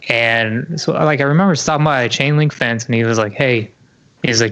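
A man's voice: medium pitch, normal speed, fairly bright tone, clean tone, muffled recording. A young man telling a story in casual chat, full of fillers and swearing. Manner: swears a lot, lots of "like" and "you know".

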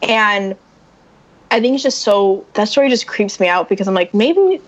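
With a mid-range voice and moderate pace, this podcast guest relays a story in easygoing talk, lively and acting out others' lines. Her audio comes through dull and lo-fi.

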